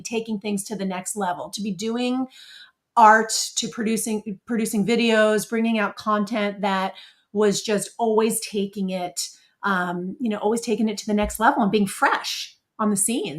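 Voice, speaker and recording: Middle-aged woman, interview guest, animated and quick to laugh as she tells stories. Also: medium pitch. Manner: animated, laughs often, quotes others in her stories. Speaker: interview guest, former dancer. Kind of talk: casual interview storytelling.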